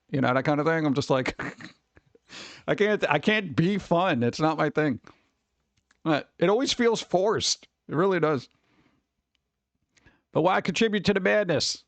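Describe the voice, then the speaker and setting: A man's voice: on the high side, lively intonation, unhurried, vocal fry, pauses often, no echo. A middle-aged man hosting a casual stream, rambling loosely, swearing and acting out the people he talks about. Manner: over-caffeinated. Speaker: streamer host. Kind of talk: casual rambling chat with viewers.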